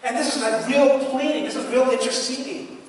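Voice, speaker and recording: A man preaching a sermon as pastor, animated, acting out pleading prayers and dropping from loud to hushed. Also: very high-pitched, brisk, a little hiss or hum. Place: church sanctuary. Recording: echoey church hall from far off.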